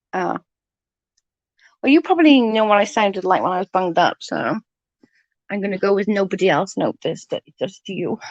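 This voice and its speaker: A woman with a mid-range voice, congested from hay fever, chats casually with her livestream viewers, reading their comments aloud, swearing freely and giggling. She's on a close computer mic, and the dry recording has its highs cut off.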